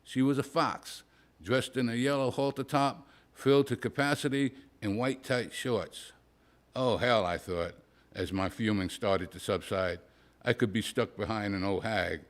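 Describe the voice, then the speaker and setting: A man, a poet at a live reading, reading a humorous prose story aloud in a dry, wry, deadpan way. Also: fairly low pitch, measured pace. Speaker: poet reading his work.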